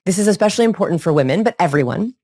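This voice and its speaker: Animated woman with a lowish voice. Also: very fast. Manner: animated, demonstrates vocal tones. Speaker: body language expert guest. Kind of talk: podcast interview.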